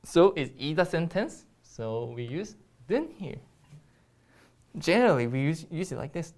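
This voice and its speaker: A woman's voice: sits low, very animated, moderate pace, a little mellow. A woman with a Korean accent teaching a Korean grammar lesson in English, explaining step by step with frequent ums and restarts.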